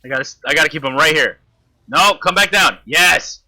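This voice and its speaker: A man's voice: on the high side, animated, brisk, bright, forceful tone. A man commentating his own gameplay, frustrated and swearing constantly at the enemy he is fighting. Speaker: gamer.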